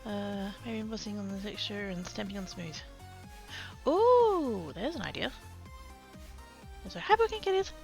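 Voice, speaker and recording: A woman's voice: medium pitch, expressive, normal speed, creaky, long pauses, darkish tone, soft background music. A woman chatting casually to her livestream chat while sorting craft supplies, self-mocking and rambling. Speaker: craft streamer.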